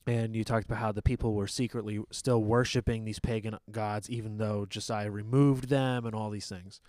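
A man's voice: lowish voice, fairly even intonation, moderate pace, a little mellow, no room sound. A man in a casual church discussion, thinking aloud and restarting his sentences as he asks the pastors his questions. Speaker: church small-group member asking questions.

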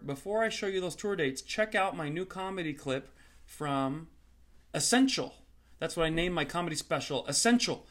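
A comedian opens his own show with a high-energy promo, his voice sitting a little high. He sells tour dates and specials in a hyped, salesy way, slipping in sarcastic asides. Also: a bit bright.

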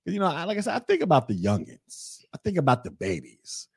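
A young man hosting a podcast, talking through his views in a relaxed, conversational way and reading chat comments aloud. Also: on the high side, fast talker, vocal fry, husky, no room sound, studio quality. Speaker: podcast host. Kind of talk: casual commentary monologue.

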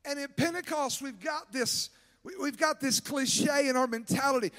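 A man preaching as a guest evangelist at a church service, fervent and often shouting to the congregation. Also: very high voice, normal speed. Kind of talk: sermon.

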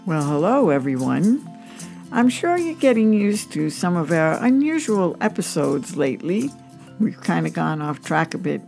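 A woman's voice: fairly low pitch, very animated, unhurried, creaky, over music. A woman hosting a podcast, telling dog jokes in a chatty, amused way. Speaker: host.

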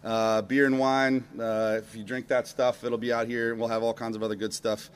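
A man's voice: mid-range voice, level tone, normal speed, clean tone. A middle-aged man preaching a casual, upbeat sermon to a live congregation, talking loosely with fillers and asides. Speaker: pastor. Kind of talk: conversational sermon. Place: church service before a live congregation.

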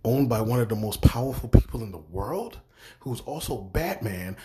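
A man's voice: mid-range voice, expressive, moderate pace, warm tone. A young man hosting a podcast, ranting in exasperation with heavy swearing and repeated words. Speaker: podcast host. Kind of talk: profane ranting review.

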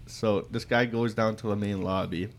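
A man's voice: on the low side, fairly even intonation, normal speed, a little hiss or hum. A young man co-hosting a podcast who tells a work story in a laid-back, swearing way and often laughs while talking. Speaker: podcast co-host. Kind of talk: casual chat, storytelling.

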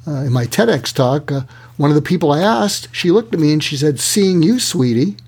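Husky-voiced man explaining with acted examples. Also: fairly high pitch, a little fast. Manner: animated, acts out dialogue examples. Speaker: author and guest. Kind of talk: conversational interview.

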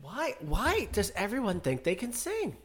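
A man co-hosting a casual podcast, guessing songs, animated and incredulous, laughing often. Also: sits high, unhurried. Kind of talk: casual chat. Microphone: headphones and microphone.

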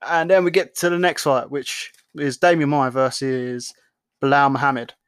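A man's voice: medium pitch, steady tone, normal speed, clean tone, dry recording. A man hosting a podcast, recapping fights in casual, blunt talk full of swearing and fillers. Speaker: podcast host.

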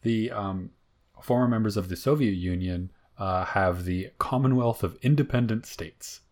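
A man's voice: lowish voice, normal speed, darkish tone. A man co-hosting a podcast in casual chat, talking loosely with lots of fillers and frequent laughs. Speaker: podcast co-host.

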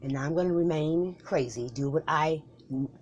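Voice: medium pitch, normal speed, darkish tone, muffled recording, slight background noise. A performer in a solo comedy skit voicing both sides of a bickering couple, with slangy, profane banter and mumbled asides. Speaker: comedic podcaster.

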